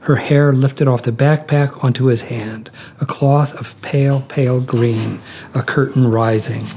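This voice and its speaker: A man reading a short story aloud in a calm, measured way. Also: medium pitch, slight background noise. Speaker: narrator.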